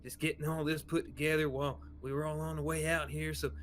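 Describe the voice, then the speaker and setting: A man's voice: fairly high pitch, flat delivery, fast, fairly bright tone, a little hiss or hum, pitched above the performer's own voice, natural voice. A man voicing a cheerful male Southern cook who talks in a folksy, welcoming way. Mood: hearty.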